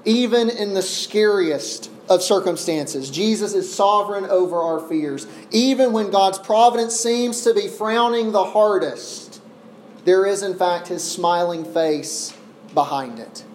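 Earnest preacher in an echoey church. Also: male voice, high-pitched. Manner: earnest, with deliberate slow pauses for emphasis. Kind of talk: expository sermon. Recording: echoey room with faint ambient noise.

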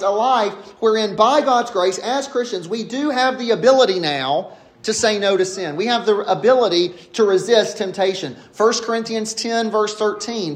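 A man with a high-pitched voice delivers an expository sermon. He preaches emphatically and slows down to stress the key phrases.

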